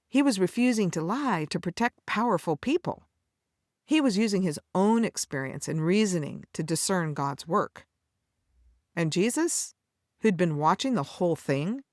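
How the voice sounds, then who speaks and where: A woman with a lowish voice delivers a scripted devotional teaching, her pitch rising and falling widely as she tells the story. She speaks to the listener tenderly, like a close friend. The sound is dry and close, with no room around it. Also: dry recording. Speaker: podcast host.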